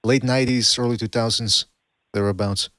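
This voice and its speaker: A man hosting a call-in podcast in casual chat, a non-native English speaker, animated and mocking with frequent restarts. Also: mid-range voice, normal speed, dry recording, studio quality. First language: not English. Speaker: podcast host.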